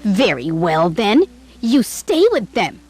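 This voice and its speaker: A woman's voice: fairly low pitch, lively intonation, a little slow, low-quality recording. A woman voicing a spoiled, cruel young princess who speaks in a stern, commanding way. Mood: imperious.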